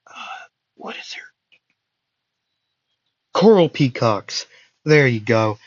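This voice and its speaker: A man's voice: mid-range voice, animated, takes it slowly, no room sound, lo-fi sound. A young man telling a fan story in a casual, rambling, jokey way, often stopping to correct himself.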